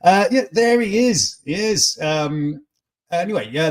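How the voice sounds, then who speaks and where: Husky, lively man hosting chat. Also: fairly high pitch, brisk. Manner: chatty, jokey, reacts to viewer comments. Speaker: host of a morning news chat stream. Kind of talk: casual live chat reading news and comments.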